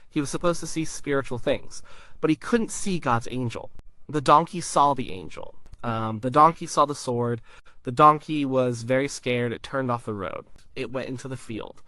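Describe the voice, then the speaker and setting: A man's voice: medium pitch, moderate pace, pushed and bright, no room sound. A man narrating a Bible story in short, simple sentences with emphatic repetition.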